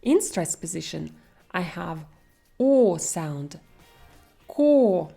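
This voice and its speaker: A woman's voice: medium pitch, animated, takes it slowly, warm tone, faint music behind. A young woman with a Russian accent teaching pronunciation in an online lesson, speaking carefully and stretching out example words.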